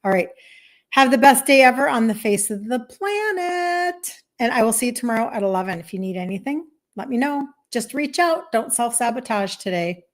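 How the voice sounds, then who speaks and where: Animated woman live-streaming health coaching. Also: fairly high pitch, normal speed. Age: 50s. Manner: animated and emphatic, acts out inner voices; warm and encouraging, faith-tinged. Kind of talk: casual live-stream talk to viewers.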